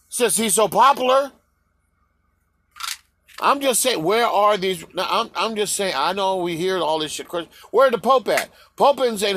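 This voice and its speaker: A man's voice: high voice, animated, normal speed, fairly bright tone, dry recording. A man ranting in a heated, profane vlog, firing rhetorical questions and stumbling over restarts. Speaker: vlogger. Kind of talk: ranting commentary to camera.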